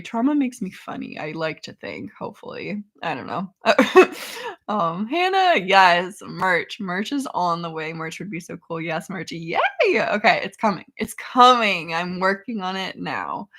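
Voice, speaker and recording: A woman's voice: lowish voice, sing-song, a little slow. Chatty young woman laughing through a live chat. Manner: chatty, warm toward viewers, laughs often, trails off with ums. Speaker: chronic illness vlogger hosting a live chat. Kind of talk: casual livestream chat reading comments.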